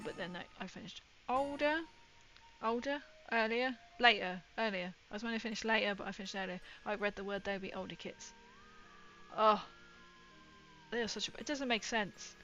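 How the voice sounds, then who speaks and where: A woman's voice: mid-range voice, normal speed, sharp tone, faint music behind. A woman, chatting casually with viewers on her livestream, rambling and laughing often. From England. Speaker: livestream host.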